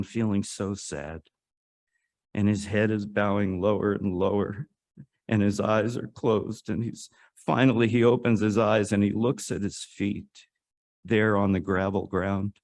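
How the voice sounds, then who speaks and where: A man delivers a storytelling sermon to a congregation in a fairly low voice. He speaks earnestly, climbing to dramatic rises and then falling to hushed drops. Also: steady tone, unhurried. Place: worship service hall.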